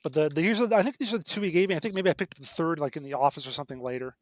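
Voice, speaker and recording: Middle-aged male guest, speedy, self-correcting storyteller, slightly high voice. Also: rapid-fire, no echo. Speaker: guest, game designer. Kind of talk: casual podcast conversation.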